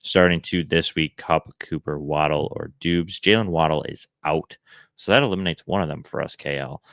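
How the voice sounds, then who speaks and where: A man hosting a live fantasy football advice show from home, answering viewers in a relaxed, chatty way. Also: very deep voice, creaky, no echo, studio quality. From Buffalo area. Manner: relaxed, chatty, quick verdicts with fillers. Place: home room he calls Santa's workshop.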